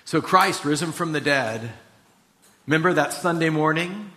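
A man preaching, reading scripture aloud and then retelling the story in a casual, animated way. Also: on the high side, moderate pace. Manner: animated storytelling, retelling scenes in quoted voices. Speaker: pastor.

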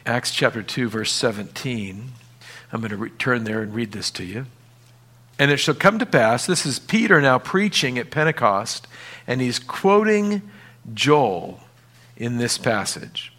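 A male pastor preaches in an easygoing, conversational way at a mid-range pitch. He often sinks to a softer, lower voice to stress a point, then acts out little everyday scenes to make it. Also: lively intonation, measured pace. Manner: conversational preaching, dropping to quiet emphasis. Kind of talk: sermon.

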